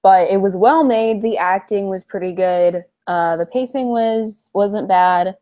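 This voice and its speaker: A woman's voice: medium pitch, measured pace, dark tone. A woman co-hosting a casual livestream, talking in a wry, offhand way. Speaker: co-host.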